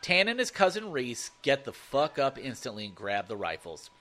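A man narrating a first-person horror story, swearing freely and telling it with animated energy. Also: medium pitch, normal speed.

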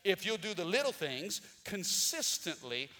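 A man's voice: high-pitched, very animated, unhurried, sharp tone, in a large hall. A man preaching a Sunday sermon as pastor, calling for responses from the congregation and rising to emphatic peaks. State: out of breath. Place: church sanctuary.

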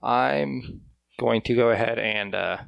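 A man playing a tabletop game, speaking in halting, hesitant bursts as he takes his turn. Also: medium pitch, vocal fry, a bit bright, no room sound. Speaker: player. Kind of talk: casual tabletop play.

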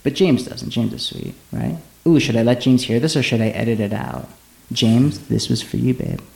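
A man's voice: mid-range voice, animated, moderate pace, vocal fry, darkish tone. A man hosting a casual podcast, chatty and joking with mock sponsor asides. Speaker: podcast host. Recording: echoey room recording.

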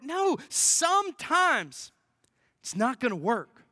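A pastor preaching a sermon, swinging from emphatic declarations to hushed near-whispers and repeating key phrases. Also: high voice, wildly swooping pitch, slow pace, no room sound, clean studio sound.

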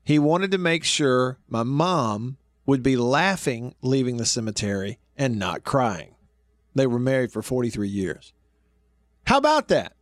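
A man hosting a sports radio show, chatting in a loose, easygoing way and breaking into laughter as he tells his stories. His voice sits at an ordinary middle pitch. The studio sound is close and dry, with no room echo. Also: measured pace. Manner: laughs often while telling stories. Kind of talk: casual radio show chat.

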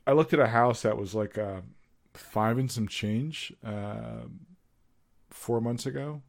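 Slow and gravelly, this podcast co-host's voice sits in the mid range. He chats casually and offers his views, working through his thoughts aloud with many fillers.

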